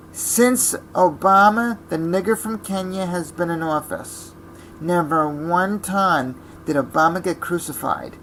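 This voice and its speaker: A man's voice: a little high, fairly bright tone, a little hiss or hum, low-quality recording. A man ranting in a blunt, scornful vlog monologue. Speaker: vlogger.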